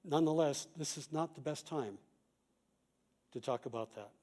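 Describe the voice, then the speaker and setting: A middle-aged man speaks as a pastor giving a conference talk. His voice is mellow and warm and sits a bit high. He teaches in a calm, measured way, quoting examples. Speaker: pastor and chaplain.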